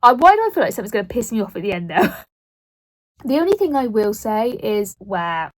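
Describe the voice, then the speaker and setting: A woman's voice: mid-range voice, very animated, brisk, a little mellow. A woman in her late twenties talks casually to camera as a book vlogger, rambling and poking fun at herself. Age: 20s. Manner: rambling, self-deprecating, chatty.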